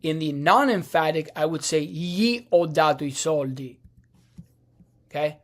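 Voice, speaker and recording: A man teaching a language lesson over slides, speaking slowly with many fillers and restarts. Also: a little high, animated. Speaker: Italian teacher.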